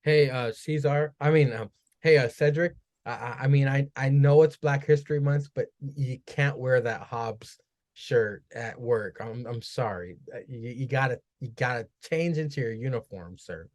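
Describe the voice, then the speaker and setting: A man's voice: medium pitch, moderate pace, a little mellow, pitched below the performer's own voice, lightly acted. A man voicing a nervous, apologetic workplace manager who stammers and hesitates.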